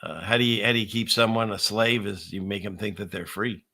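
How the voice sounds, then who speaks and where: A middle-aged man rambles through a casual commentary with a gravelly, low voice. His tone is bright and edgy, and he talks in a conspiratorial, chuckling way. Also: fairly quick. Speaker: channel host.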